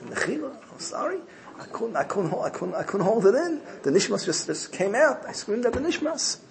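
A man's voice: on the high side, very animated, quick pace, gravelly, a little mellow. A man voicing an earnest, emotional Hasidic worshipper in a told story, pleading and eager. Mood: apologetic.

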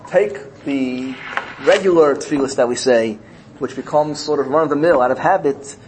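A man's voice: medium pitch, moderate pace, background noise. A man giving a sermon, telling a parable and repeating phrases as he builds his point. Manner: storytelling, rising emotionally in places, repeating phrases. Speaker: rabbi.

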